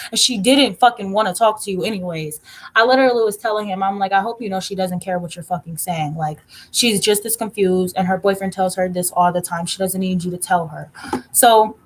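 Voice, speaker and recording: A woman tarot reader chatting casually on a livestream, telling a story in a blunt, profane rant and slowing down to stress her points. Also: mid-range voice.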